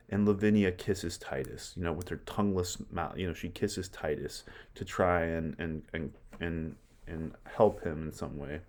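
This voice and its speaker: A man teaching a play in a casual lecture, animated, often restarting and ending points with "right?". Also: deep voice, moderate pace, hardly any pauses. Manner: animated, restarts and repeats words, "right?" tags. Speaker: literature teacher.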